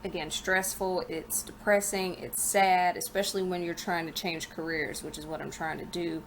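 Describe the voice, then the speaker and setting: Woman, young adult, low-ish voice, candid rambling vlog chat, slightly slurred from a retainer, faint background noise. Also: level tone, normal speed. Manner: candid, rambling, venting with frank asides. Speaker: vlogger. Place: living room floor at home.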